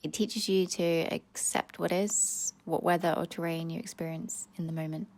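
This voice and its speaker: A woman calmly narrating her own hike in a reflective scripted voice-over. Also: lowish voice, moderate pace.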